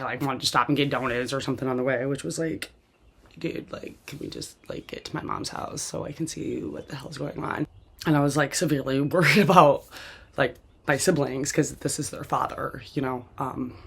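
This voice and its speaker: A woman's voice: deep voice, a bit bright, breathy edge. A woman host telling a personal story from memory in a rambling, casual way, with constant "like" and frequent restarts. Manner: rambling, heavy use of "like", restarts, occasional swearing.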